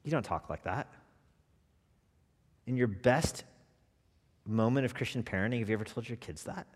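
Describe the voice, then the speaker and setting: Animated preacher in a reverberant church. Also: male voice, medium pitch, normal speed, pauses often, slightly rough. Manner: animated preaching, dropping to quiet asides. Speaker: pastor. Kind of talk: sermon. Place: church sanctuary. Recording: long reverb of a church hall.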